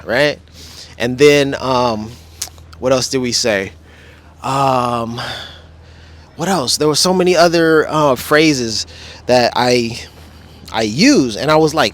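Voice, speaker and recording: A man with a mid-range voice vlogs casually outdoors beside a wall display. He speaks slowly with long pauses, rambling in a laid-back way and using slang.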